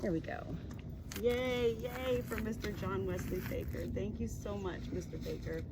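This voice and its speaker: A woman vlogging as she cleans a gravestone, speaking softly and reverently and addressing the dead directly. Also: mid-range voice, steady tone, moderate pace. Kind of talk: casual narration while working. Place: outdoor cemetery. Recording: noisy outdoor audio with passing traffic.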